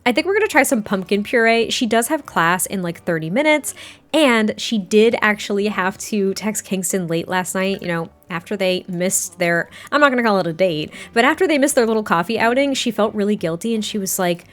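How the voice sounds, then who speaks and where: A woman's voice: medium pitch, lively intonation, a little fast. A woman casually commenting on a life-sim game in a chatty, rambling way, often breaking into giggles. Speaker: gameplay commentator. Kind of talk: casual let's-play commentary.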